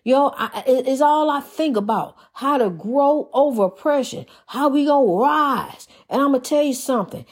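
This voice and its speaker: A woman's voice: sits high, animated, normal speed, hardly any pauses. A woman preaching an informal sermon in rhythmic, repeated refrains, folksy and calling her listeners honey.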